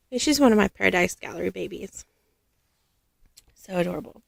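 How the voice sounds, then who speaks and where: A woman showing off her doll collection in a casual vlog, gushing and affectionate, with frequent soft laughs. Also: medium pitch, normal speed, gravelly, long pauses, no echo, studio quality. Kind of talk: casual show-and-tell vlog.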